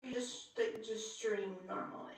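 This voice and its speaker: A woman streaming on an app, chatting casually and quickly. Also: a little high, fairly even intonation. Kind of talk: casual livestream chat. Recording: echoey and distant.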